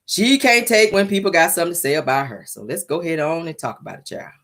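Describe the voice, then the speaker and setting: A woman's voice: lowish voice, fast, a bit bright. A woman hosting a casual celebrity gossip show, sassy and teasing, calling her audience honey and child. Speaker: commentary show host.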